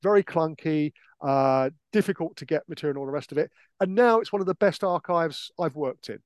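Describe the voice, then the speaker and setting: A man's voice: fairly high pitch, a little fast, darkish tone, no room sound. An older man from Britain, a historian co-hosting a podcast, telling archive anecdotes in a hesitant, restarting way. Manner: hesitant, many restarts and fillers. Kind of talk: casual anecdotal chat.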